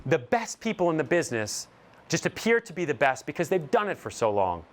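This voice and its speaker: A man's voice: on the high side, very animated, a little fast, a little hiss or hum. A man giving an emphatic motivational stage talk, telling stories and landing short repeated punchlines. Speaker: keynote speaker.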